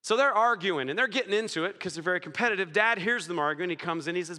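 Bright, high-voiced preacher in a reverberant hall. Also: male voice, fast talker, hardly any pauses. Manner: lively storytelling, jokey, chuckles. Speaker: pastor. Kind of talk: sermon.

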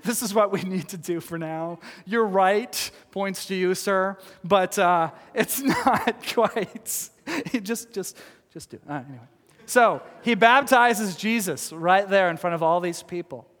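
A man with a high voice preaches in an animated, storytelling way, laughing and acting out quotes. His voice rings with the long reverb of a church hall. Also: measured pace. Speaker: pastor. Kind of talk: sermon.

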